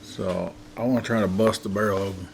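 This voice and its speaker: A man's voice: fairly low pitch, steady tone, fairly quick, gravelly, a little hiss or hum. A man playing in a tabletop game, talking casually and hesitantly. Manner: casual, hesitant, in character as a kid. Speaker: player.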